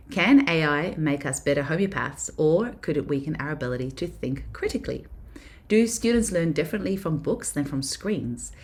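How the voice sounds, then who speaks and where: A woman with a fairly low voice opens her podcast by reading a scripted introduction. She keeps a measured pace and lets her phrases fall away softly at the end before breaking into relaxed chat. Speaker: podcast host. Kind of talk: reading a scripted episode intro, then chatting.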